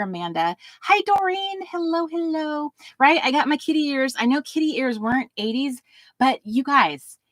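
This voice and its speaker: A bubbly woman hosts a casual live stream, calling out viewers by name and laughing often. Her voice sits high and swoops up and down with lively energy. The sound is close and dry, with no room echo.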